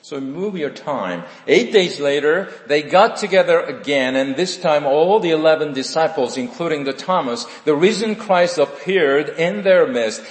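A male pastor, preaching a sermon in slow, emphatic phrases with dramatic pauses, in a church. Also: fairly high pitch. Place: church sanctuary. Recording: echoey hall with long reverb.

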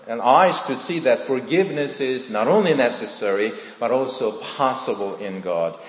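A man preaching a sermon, earnest and questioning his listeners directly. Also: lowish voice. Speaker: pastor. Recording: echoey hall with long reverb.

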